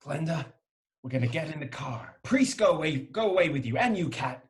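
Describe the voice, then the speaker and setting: Man doing a blunt, bossy bumbling detective, mid-pitched voice. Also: normal speed, close to an everyday voice. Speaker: improv performer. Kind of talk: live improv comedy.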